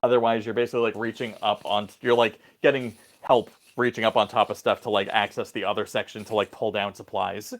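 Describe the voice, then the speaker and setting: A man's voice: on the low side, flat delivery, fairly quick, hardly any pauses. A man narrating a tabletop role-playing game as game master, casual and rambling with many fillers.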